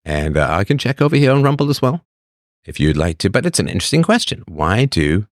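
On a dry, studio-quality recording, a livestream host speaks briskly as he responds to chat messages. He's opinionated, keeps repeating points as rhetorical questions, and delivers it all animatedly with lively pitch swings.

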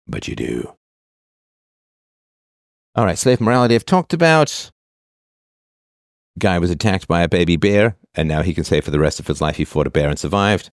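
This fifties-aged man has a low, creaky, sing-song voice at a moderate pace, pausing often. He reads a line of a post, then comments on it casually, full of "uh" and restarts, in a studio-quality recording without echo.

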